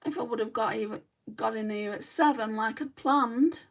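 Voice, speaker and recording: Casual woman, creaky voice, mic set back from her, makeup vlog chat. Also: fairly high pitch, normal speed. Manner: chatty, rambling, many ums. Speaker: beauty vlogger. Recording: voice a bit far from the mic.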